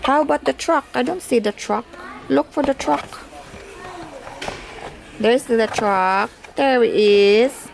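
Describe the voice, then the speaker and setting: Slow, gravelly-voiced woman talking to a baby. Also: high voice, background noise. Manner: gentle sing-song, imitates animal noises. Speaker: caregiver playing with a baby. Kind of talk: baby talk while showing a sound book.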